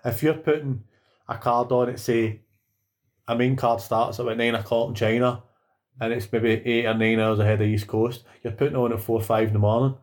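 A man's voice: mid-range voice, steady tone, fairly quick, a little mellow. Scottish male co-host, blunt and sweary, complaining in casual podcast chat. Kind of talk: casual chat about combat sports.

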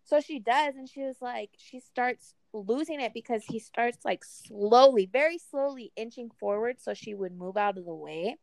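A woman's voice: on the high side, normal speed, vocal fry, few pauses, dry recording. A woman in casual podcast chat, telling a story chattily with many fillers. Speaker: podcast co-host.

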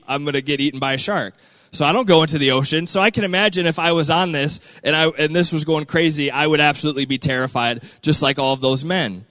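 A man's voice: fairly high pitch, no echo. A young man preaching in a casual, chatty way, full of slang, who acts out the quoted lines in a raised voice. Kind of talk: casual sermon.

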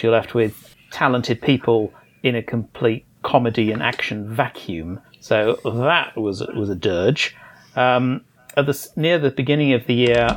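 Articulate, dryly scathing male critic. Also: mid-range voice. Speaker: film critic on a podcast. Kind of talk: casual podcast film review chat.

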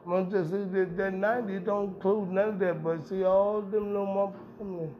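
High-voiced guy ranting on his podcast, cussing nonstop and repeating himself, dull lo-fi sound with music going behind him. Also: steady tone, fairly quick. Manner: profane, rambling, emphatic. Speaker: podcast host. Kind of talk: casual monologue.

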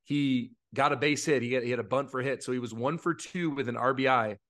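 A youth baseball coach talks in a heartfelt, earnest way, his feelings close to the surface. His voice sits at an ordinary middle pitch for a man, and his sentences run on with fillers and restarts. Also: fairly quick, fairly bright tone. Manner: earnest and openly emotional, many fillers. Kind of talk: casual podcast chat.

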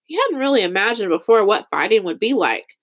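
A woman reading a chapter book aloud as narrator, raising her pitch for the characters' lines. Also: very animated, brisk. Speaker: audiobook reader. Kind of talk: scripted narration.

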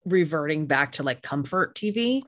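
A woman's voice: sits low, expressive, normal speed, no echo, clean studio sound. A woman co-hosting a podcast, chatting casually with lots of fillers and casual swearing, recorded over a video call. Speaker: podcast co-host. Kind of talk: casual chat.

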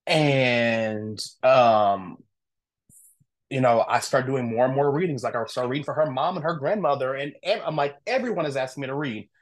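Man telling a story with animated, casual energy. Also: medium pitch, moderate pace. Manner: animated, acts out quoted dialogue; candid, informal, with frequent fillers like "I'm like". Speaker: podcast guest.

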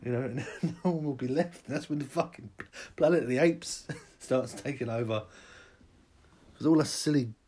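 A man's voice: mid-range voice, normal speed, mellow, breathy edge. A young man hosting a podcast, ranting through a profane, rambling comic monologue that keeps escalating. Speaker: podcast host.

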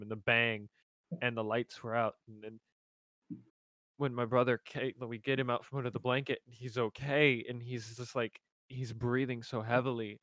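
Man haltingly telling a ghost story. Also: medium pitch, fairly even intonation, a bit bright, dry recording.

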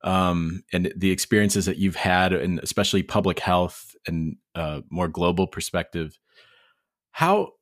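A man's voice: deep voice, expressive, unhurried, dry recording, studio quality. A male interviewer asking long questions with hesitant restarts and fillers.

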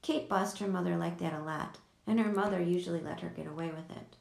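Gravelly woman reading a storybook. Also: on the low side, fairly quick, a little mellow. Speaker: audiobook reader. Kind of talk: storybook narration. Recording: echoey room.

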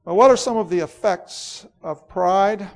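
Gravelly-voiced male preacher. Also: high-pitched, a little slow. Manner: reflective, with frequent fillers. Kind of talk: sermon.

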